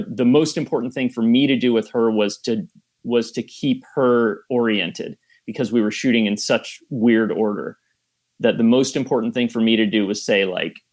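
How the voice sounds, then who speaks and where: A film director talking about his work in an interview, thoughtful and measured, often restarting phrases. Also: medium pitch, darkish tone. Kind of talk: casual interview chat.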